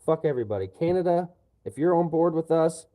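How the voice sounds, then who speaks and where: Speaking a little fast with lively intonation, a man whose voice is slightly high and mellow vents angrily about politics during a livestream. The audio quality is low, and he swears a lot, repeats himself, and keeps finishing sentences with "you know."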